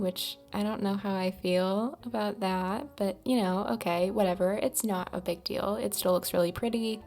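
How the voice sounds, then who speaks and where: A woman speaks in a casual, candid vlog voice, talking straight to her viewers. Her tone is warm and mellow, and her pitch sits in the middle for a woman. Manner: chatty, candid, frustrated. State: morning voice. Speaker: video creator.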